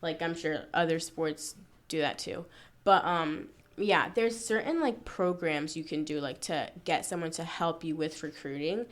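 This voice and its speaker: A woman's voice: sits low, a little slow. A young woman from Florida, a student-athlete guest chatting casually in an interview, with frequent "like" fillers. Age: young adult.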